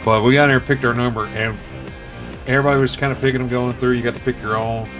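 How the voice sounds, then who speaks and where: A man's voice: mid-range voice, fairly even intonation, fast. A man telling a profane story casually while streaming a game, acting out the voices of the people he quotes. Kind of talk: casual storytelling over gameplay. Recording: loud background music.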